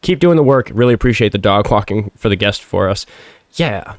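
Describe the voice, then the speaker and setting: A man from Minnesota hosting a livestream talk show, swearing a lot, yelling at a caller and then mumbling through donation messages, his voice hoarse from shouting. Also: animated, a little fast, dry recording, studio quality. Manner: profane, combative yelling then low mumbling. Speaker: show host.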